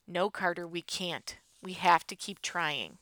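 An insistent thirteen-year-old girl, quiet but firm, in a bright, crisp voice, as a woman reads her part. She sounds sure she is in charge. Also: fairly high pitch, moderate pace, no echo, pitched above the performer's own voice, rough recording.

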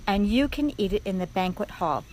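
A woman voicing a gentle, kind young princess who speaks in a high, earnest, pleading way. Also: animated, normal speed, slight background noise, lightly acted, rough recording.

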